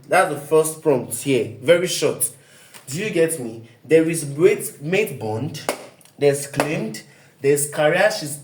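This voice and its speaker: A man's voice: on the high side, reverberant. A man teaching an online writing lesson as a coach, emphatic, often asking listeners to fill in the blank and checking "do you get me?".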